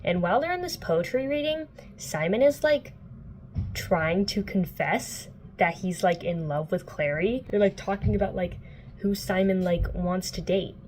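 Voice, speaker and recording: A young woman book vlogger recapping a plot, chatty and playful with lots of filler words and casual swearing. Her voice is mid-pitched, recorded indoors at home with a faint hiss behind it. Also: expressive, measured pace, a little mellow.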